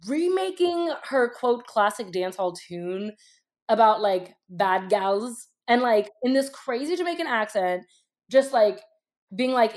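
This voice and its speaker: A woman's voice: fairly high pitch, expressive, a little slow, darkish tone. A young woman co-hosting a podcast, sassy and sarcastic, in casual chat with frequent laughs. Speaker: podcast co-host.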